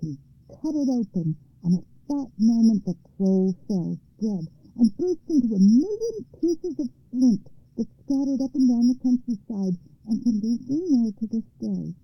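A woman hosting a radio storytelling program, narrating a fairy tale in a calm, measured way from a studio. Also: on the high side, slightly rough, dry recording. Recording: slightly muffled radio broadcast.

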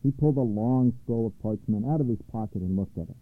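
A man narrating a children's story aloud in a measured, clear way, over a tinny line. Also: medium pitch, no room sound. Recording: tinny phone-like line, dry.

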